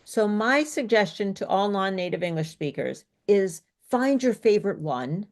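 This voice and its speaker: A woman's voice: mid-range voice, lively intonation, normal speed, a little mellow. A woman speech coach teaching an online workshop in an explanatory, coaching way over a video call.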